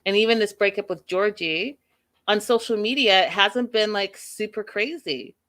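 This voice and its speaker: A woman hosting a podcast, giving an animated, emphatic, chatty recap of a reality show. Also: medium pitch, normal speed. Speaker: podcast host. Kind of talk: casual TV recap commentary.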